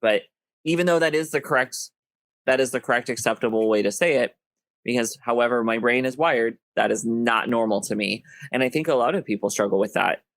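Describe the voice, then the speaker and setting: A man with a nasal voice and a Southern US twang, talking candidly and quickly with an effeminate lilt as a podcast co-host. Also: mid-range voice, fairly bright tone, dry recording. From US, Ohio and Florida. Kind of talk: casual chat.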